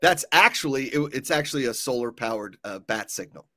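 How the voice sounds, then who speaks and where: A man hosting a comedic panel chat, telling jokey stories in an animated way. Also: medium pitch, fairly quick, dry recording, studio quality. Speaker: show host.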